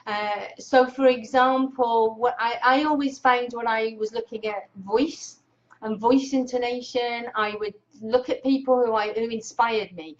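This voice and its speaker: An energetic woman who coaches speaking hosts a Facebook Live, greeting viewers by name in casual coaching talk. Her voice is on the high side, unhurried, bright and excitable, captured as lo-fi audio through a webcam clipped on her monitor.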